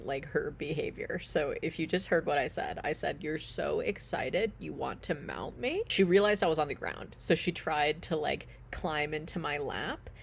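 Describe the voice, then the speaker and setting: A young woman vlogging outdoors on a farm, talking to the camera and cooing in high baby talk to her pigs. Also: vocal fry. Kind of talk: casual vlog talk to pets and camera. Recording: outdoor noise and animal sounds behind.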